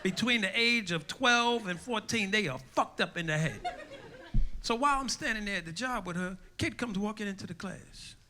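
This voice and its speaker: A man doing a profane, brash stand-up routine, telling animated stories. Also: high-pitched, moderate pace. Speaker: stand-up comedian. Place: comedy club stage. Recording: live club recording with audience noise.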